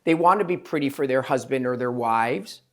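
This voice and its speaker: A man, a plastic surgeon hosting a podcast, talking in an emphatic, rambling way and quoting his patients in quick asides. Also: mid-range voice, lively intonation. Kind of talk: casual interview chat.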